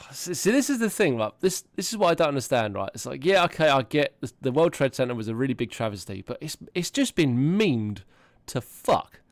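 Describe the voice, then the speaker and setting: Rambling sweary bloke on a call. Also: male voice, mid-range voice, sing-song, brisk, few pauses, no room sound. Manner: rambling, sweary storytelling with frequent laughs. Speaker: podcast host. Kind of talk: casual chat. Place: home, on an online voice call.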